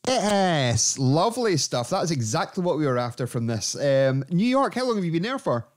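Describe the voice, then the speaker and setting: Man, podcast host, slightly high voice, upbeat, laughs easily. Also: big pitch swings, moderate pace. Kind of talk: casual chat.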